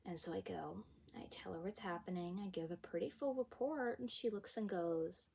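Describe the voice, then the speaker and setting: Lower, mellow-voiced young woman telling a story. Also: normal speed, vocal fry, slightly rough. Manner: expressive, emphatic retelling, occasional whispered asides. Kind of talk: personal storytime vlog.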